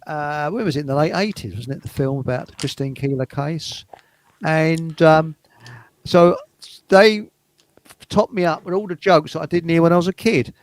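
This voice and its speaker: A man hosting a casual chat, chatty and given to laughter, often pausing to search for names. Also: on the high side. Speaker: host.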